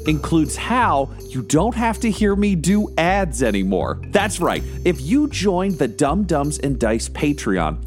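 A man hosting a podcast, reading an upbeat promotional message. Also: a little high. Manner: upbeat, salesy. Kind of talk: promotional read.

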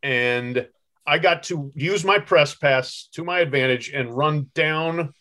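A man's voice: fairly high pitch, slow pace, bright, forceful tone. A middle-aged man, a guest sportswriter, chatting easily in an interview, laughing often and telling stories fondly. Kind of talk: casual interview chat.

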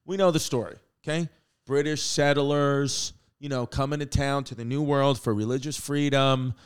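A brash man tells history as a stand-up comedy routine. He is profane and rambling, and he keeps breaking off into jokes and asides. His voice sits at an ordinary middle pitch for a man. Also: fairly even intonation, moderate pace, smooth. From Brooklyn, New York.

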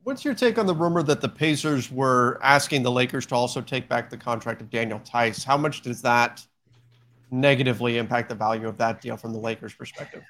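Male podcast host, mid-range voice, relaxed questioner who keeps the chat moving. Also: medium pitch, fairly quick. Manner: steers the talk with questions.

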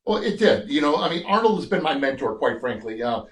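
An older man in his sixties spins stories from his bodybuilding days, slipping into the voices of the people he quotes. His voice sits a touch high. The room adds a noticeable echo. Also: fairly quick. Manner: animated storyteller, acts out quoted voices. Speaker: guest, former TV gladiator and bodybuilder. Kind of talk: casual interview storytelling.

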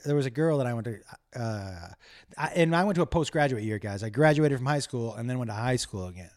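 A man's voice: mid-range voice, sing-song, fairly quick. A man hosting his own podcast alone, telling crude, self-deprecating stories in a casual, rambling monologue that keeps drifting off topic. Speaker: solo podcast host.

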